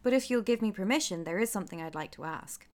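A woman's voice: medium pitch, animated, quick pace, darkish tone, natural voice. A woman reading aloud, voicing a timid, polite young girl in a storybook. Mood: pleading.

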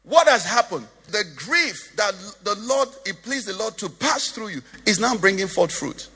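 A man's voice: high-pitched, very animated, normal speed, pushed and bright, slightly rough, in a large hall, faint music behind. A male pastor preaching a sermon, lilting in a sing-song way and asking the congregation questions. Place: church.

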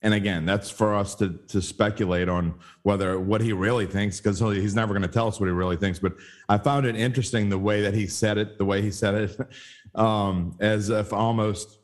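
Low-voiced male sports podcast host. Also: steady tone, moderate pace. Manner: conversational, rambling with restarts. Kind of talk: casual sports talk.

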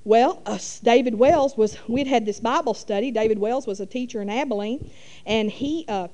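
A woman's voice: a little high, moderate pace, dark tone. A middle-aged woman, telling a rambling, folksy church testimony full of fillers. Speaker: church speaker. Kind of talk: testimony storytelling.

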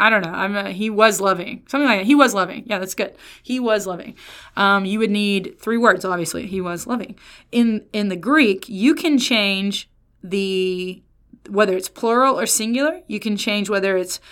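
A woman's voice: medium pitch, fairly bright tone. A woman giving a casual Bible teaching, chatty and emphatic, often breaking off mid-sentence. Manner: chatty, emphatic, self-interrupting.

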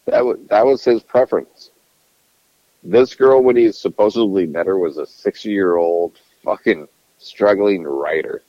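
Low-voiced man ranting on a podcast. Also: a little slow, dark tone, no room sound, muffled recording. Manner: profane, rambling, restarts sentences. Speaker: podcast co-host. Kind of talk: casual political chat.

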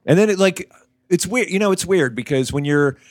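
Man, podcast host, comedian, fast talker, lively pitch, casual swearing, dry sound. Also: no echo. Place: hotel room.

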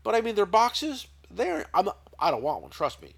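A middle-aged man rambles through a casual podcast chat, swearing freely and stumbling over repeated words. His voice sits a little high and swings widely in pitch. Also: huge pitch swings, moderate pace, vocal fry, slightly rough. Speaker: podcast host, tool shop owner.

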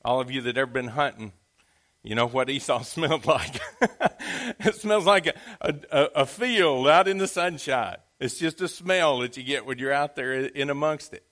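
A man's voice: mid-range voice, normal speed, fairly bright tone. A man preaching a sermon in a folksy, conversational storytelling manner. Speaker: pastor.

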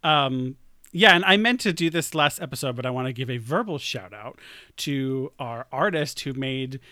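A man's voice: mid-range voice, expressive, normal speed, sharp tone, no echo. A young man from Long Island, co-hosting a casual podcast chat in a joking, self-deprecating way that wanders into tangents. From Long Island, New York. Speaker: podcast co-host.

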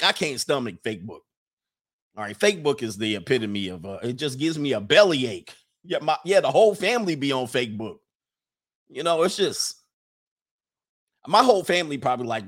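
A man livestreaming a casual, sarcastic rant, swearing, laughing often and mocking others in a high voice. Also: very animated, moderate pace, a bit bright. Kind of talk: casual ranting monologue.

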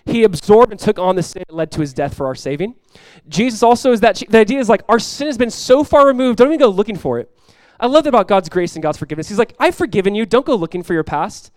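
A male pastor preaching a sermon, acting out the people in his Bible stories and swinging between loud emphasis and hushed lines. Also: high voice, lively intonation, fast, no echo.

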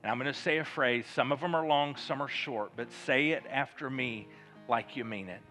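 A man preaching a sermon as pastor, leading his congregation in call-and-response and prayer with emphatic delivery that swells to loud fervor. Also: medium pitch, moderate pace, soft background music.

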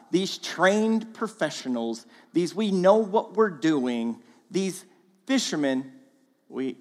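A man giving a sermon as a guest speaker in a church, in an animated, casual way with slang, acting out the voices in the story. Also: high voice, big-room sound. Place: church auditorium.

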